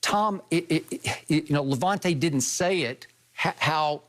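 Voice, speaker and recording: A man's voice: a little high, unhurried, fairly bright tone. An older man hosting a studio sports debate, making his points emphatically and often checking for agreement. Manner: emphatic, lecturing, rhetorical questions.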